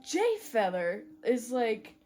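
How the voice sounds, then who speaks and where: A woman in casual podcast chat, recapping a book plot, giggling often and acting out quick character voices. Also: a little high, very animated, a little mellow. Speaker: podcast co-host.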